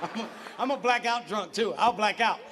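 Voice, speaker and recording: Forties male comic, high-pitched and exasperated, live in a reverberant venue with faint background noise. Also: normal speed. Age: 40s. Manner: animated, exasperated storytelling with profane outbursts. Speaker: stand-up comedian. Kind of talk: stand-up comedy storytelling.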